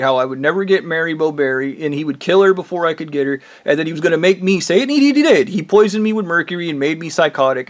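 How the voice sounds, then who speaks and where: A man giving an angry, profane monologue to his viewers. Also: on the high side. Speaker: vlogger.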